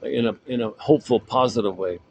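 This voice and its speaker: A man's voice: mid-range voice, a little fast, vocal fry, a little mellow, lo-fi sound, a little hiss or hum. A man casually coaching a self-help group, rambling and repeating himself as he explains an exercise. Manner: rambling, repeats words and restarts phrases.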